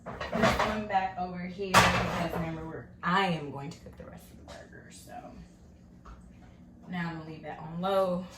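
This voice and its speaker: A woman's voice: fairly low pitch, fairly even intonation, normal speed. A woman hosting her own home cooking show, chatting in an upbeat way and talking straight to her viewers as she cooks in her kitchen. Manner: chatty and upbeat, talks to viewers as "you guys". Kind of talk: casual cooking vlog chat. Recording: echoey room with noticeable background noise.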